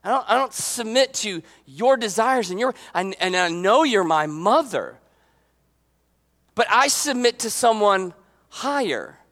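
A man preacher voicing Jesus as a calm, firm grown man who speaks quietly and with authority. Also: sits high, unhurried, big-room sound.

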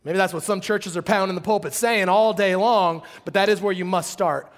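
A man preaching a sermon as pastor in a church service, telling animated stories and acting out the voices of the people he quotes. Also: high-pitched, moderate pace, long reverb tail. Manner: drops to a hushed tone when praying.

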